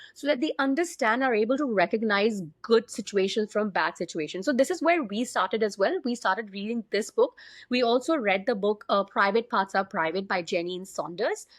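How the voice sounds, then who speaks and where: A woman in her thirties from India, co-hosting a parenting podcast and telling stories in a quick, animated way. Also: on the high side, no room sound. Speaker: podcast co-host, pediatric sleep consultant. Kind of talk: casual podcast chat.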